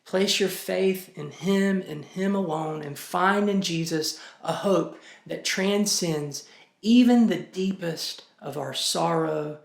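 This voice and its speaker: A man, a pastor, giving a short sermon message in a slow, measured and earnest way with gentle pauses. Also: high voice, vocal fry, reverberant.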